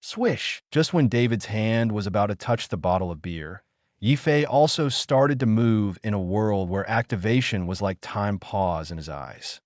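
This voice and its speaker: A man reading an audiobook in a steady scripted narration, lifting his voice slightly for quoted lines. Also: on the low side, normal speed, no room sound, clean studio sound.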